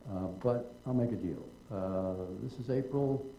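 A man's voice: mid-range voice, measured pace, dark tone, slight background noise. An older man, a guest in a public conversation, telling long wry anecdotes and acting out the people in them. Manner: wry, digressive storyteller who acts out quotes. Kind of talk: anecdotal storytelling on stage. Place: auditorium at a public event. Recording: roomy hall echo.

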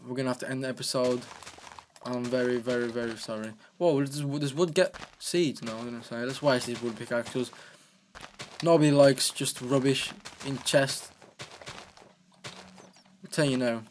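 A man's voice: mid-range voice, fairly even intonation, moderate pace, a little mellow, a little hiss or hum. Rambling, playful young guy gaming. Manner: rambling, playful, talks to himself. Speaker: let's play gamer. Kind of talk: casual gameplay commentary.

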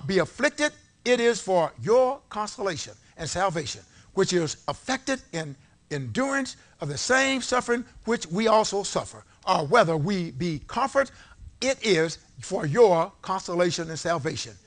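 A man preaching a sermon in a church, leading call-and-response and swinging from low talk to shouted peaks. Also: big pitch swings, normal speed. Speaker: pastor. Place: church sanctuary before a congregation. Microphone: live-streamed service mic.

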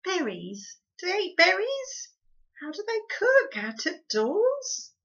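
A woman voicing a fussy, worried little borrower mother who moans and pleads in a husky voice, in a storybook reading. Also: wildly swooping pitch, slow pace, fairly bright tone, heavily acted. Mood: fretful moaning. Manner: moaning, pleading, high fretful. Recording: dull lo-fi recording.

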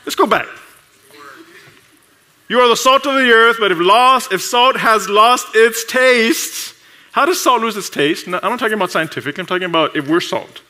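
A man preaching a sermon in a lively, conversational way, laughing often and acting out short exchanges with coworkers. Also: high-pitched. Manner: acts out coworkers' voices in quick asides. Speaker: pastor.

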